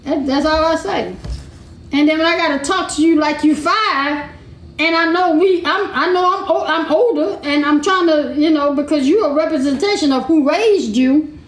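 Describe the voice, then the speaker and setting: A woman's voice: high voice, normal speed. A woman, co-hosting a casual chat and speaking her mind bluntly and emphatically, often laughing. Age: 50s. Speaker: podcast co-host. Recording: echoey room.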